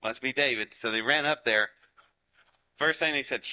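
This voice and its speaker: A man from Ohio in his forties spins a folksy story for a live audience. His voice rings bright and sharp, and he jumps in and out of the voices of the people in his tale. His pitch sits in an ordinary middle range. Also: brisk, poor audio. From Ohio, United States. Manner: animated and folksy, acting out what people said. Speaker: speaker giving a talk to an audience.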